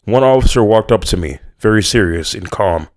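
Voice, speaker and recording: A man's voice: lowish voice, animated, fairly quick, darkish tone, no room sound, studio quality. Man narrating a tense horror story.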